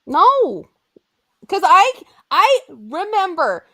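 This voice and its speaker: A woman's voice: extremely high pitch, drawn-out words. A woman in her twenties co-hosting a podcast, telling stories in casual chat and acting out what people said. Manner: animated, dramatic storytelling with acted-out quotes. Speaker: podcast co-host.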